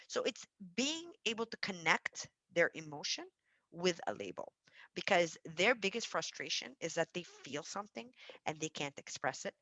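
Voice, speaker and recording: A woman who runs a childcare centre, explaining early childhood development to parents in an animated, emphatic way. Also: on the low side, moderate pace, dry recording, rough recording. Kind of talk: parenting talk to camera.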